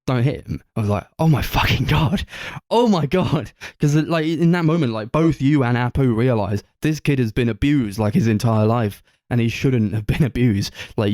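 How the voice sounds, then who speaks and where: A man co-hosting a podcast, chatting casually about films, animated, swearing and acting out scenes as he retells them. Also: mid-range voice, no echo, clean studio sound. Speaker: podcast co-host. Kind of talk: casual film chat.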